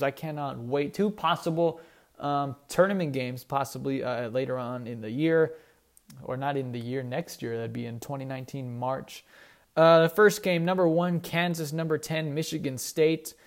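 A man's voice: on the high side, steady tone, moderate pace. A young man hosting a casual sports show, rambling and correcting himself as he talks enthusiastically about college teams. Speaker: sports podcast host.

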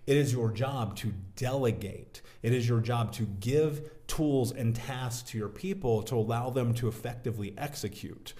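A man in his thirties telling a story from his working life as a guest in a casual interview, animated and talking like a buddy. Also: medium pitch, normal speed, few pauses. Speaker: podcast guest, business owner.

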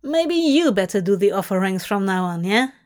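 A woman's voice: medium pitch, very animated, moderate pace, darkish tone, lightly acted. A woman voicing a snarky, irreverent male demon who talks brashly and sarcastically, in a storybook reading. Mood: impatient.

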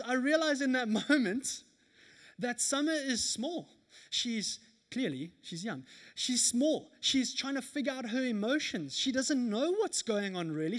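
A man in his thirties preaching a sermon at a church service, telling stories in an animated way with laughter. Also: extremely high pitch. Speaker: pastor.

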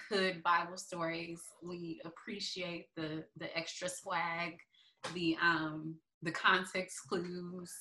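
A woman's voice: fairly low pitch, sharp tone, echoey room, rough recording. A woman co-hosting a casual chat show, amused and chatty. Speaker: podcast co-host.

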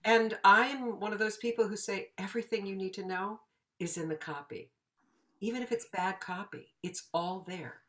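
Bright-voiced woman telling lively stories. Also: medium pitch, normal speed. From United States. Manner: animated, acts out quoted dialogue. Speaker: voiceover teacher, interview guest. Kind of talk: casual storytelling interview.

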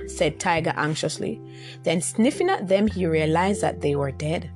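A woman narrating a folktale in an expressive, lively storytelling manner. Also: lowish voice, moderate pace, faint music behind.

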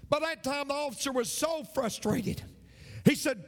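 A man's voice: very high-pitched, moderate pace, big-room sound. A man preaching a sermon, emphatic and fond of repeating his phrases for effect. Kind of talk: sermon with a told joke.

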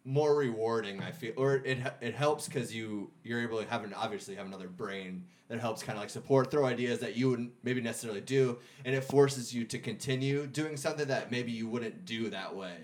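A man co-hosting a casual podcast, excitable and slangy, saying "dude" often. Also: medium pitch, fairly quick, hardly any pauses. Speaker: podcast co-host.

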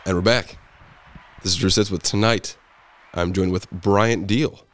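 A man's voice: sits low, fairly even intonation, measured pace, background noise. A young man hosting a podcast, sounding a little congested, asking questions in an easygoing, joking way. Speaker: podcast host. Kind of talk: casual chat.

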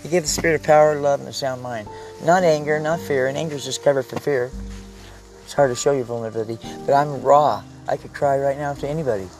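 A man's voice: mid-range voice, fast, darkish tone, faint music behind, low-quality recording. A man rambling through a casual vlog from inside the vehicle he lives in, raw and heartfelt, often trailing off mid-thought. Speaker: vlogger.

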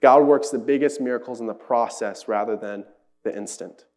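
A man's voice: mid-range voice, normal speed, a little mellow. Earnest young man preaching casually. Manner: conversational, earnest, acts out quoted voices. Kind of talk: sermon.

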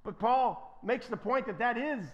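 A man preaching an emphatic sermon as pastor, swinging from quiet asides to loud, impassioned declarations. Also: extremely high pitch, measured pace, highs cut off.

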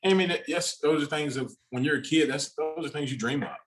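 A man's voice: fairly high pitch, quick pace. A man talking as a podcast guest in a casual, rambling way, with loose, restarting sentences. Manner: rambling, many fillers and restarts.

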